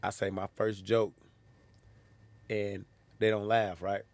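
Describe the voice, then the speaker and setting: A man's voice: fairly low pitch, takes it slowly, no echo. A young man, a comedian, telling stories from his life in a casual chat, acting out the lines of people in them. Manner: animated, acts out quoted lines. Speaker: comedian guest.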